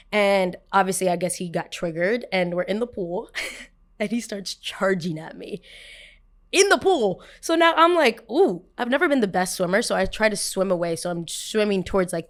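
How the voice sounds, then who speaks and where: A woman hosting a podcast, telling a personal story with animated, dramatic delivery that swings from soft asides to loud bursts. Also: mid-range voice. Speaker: podcast host.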